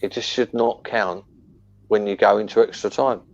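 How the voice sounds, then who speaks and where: A man's voice: on the low side, fairly even intonation, normal speed, creaky. A man co-hosting a casual football podcast, blunt and opinionated, with sweary banter. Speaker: podcast co-host. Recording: dull muffled lo-fi audio.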